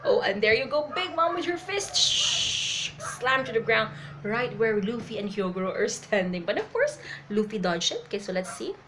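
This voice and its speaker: A woman doing a live reaction to a comic, excitable and a little nervous, laughing and tagging her sentences with "okay?". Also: medium pitch, fairly quick, slight background noise, rough recording. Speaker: manga reaction vlogger. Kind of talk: live reaction and reading aloud.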